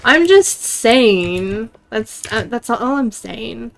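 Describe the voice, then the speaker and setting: A woman's voice: fairly high pitch, animated, slow pace, gravelly, faint music behind. A woman streaming a game, chatting casually and jokingly with her viewers, often laughing. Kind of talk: casual gameplay chat with chat.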